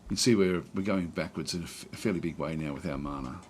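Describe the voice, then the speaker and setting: A man giving relaxed let's play commentary on a strategy game, thinking aloud with many fillers and restarts. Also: a bass voice, fast, a little hiss or hum.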